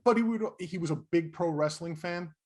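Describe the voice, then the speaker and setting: Man, middle-aged, podcast co-host, high voice, animated storyteller, laughs a lot. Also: brisk. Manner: animated, laughing, acts out quotes. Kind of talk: casual storytelling chat.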